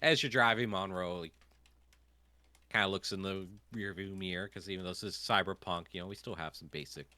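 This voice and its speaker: Game master, male, low bright voice, dry close sound, rambling. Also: brisk, no room sound. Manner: rambling, many fillers. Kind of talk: narrating a tabletop game.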